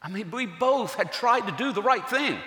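A man playing a gentle, devout, middle-aged carpenter and father, telling his story earnestly in a first-person stage monologue. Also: sits high, expressive, moderate pace. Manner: earnest, storytelling, softens to near-hush at key moments. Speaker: actor in a dramatic monologue. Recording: echoey hall with long reverb.

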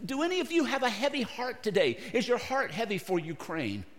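A male pastor preaching a sermon in short phrases, pausing often and putting questions to his listeners. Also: very high voice, big pitch swings. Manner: broken into short phrases with pauses. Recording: long reverb of a large hall.

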